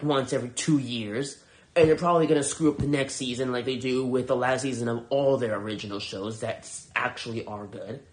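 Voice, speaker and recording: A man hosting a podcast, reviewing shows in a heated, profane, sarcastic rant. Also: on the high side. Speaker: podcast host.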